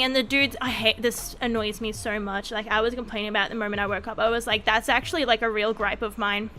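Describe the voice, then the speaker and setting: A tired young woman streamer chatting casually on a late-night stream, rambling through a story with lots of fillers and animated asides. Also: a little high, fast, few pauses, soft background music.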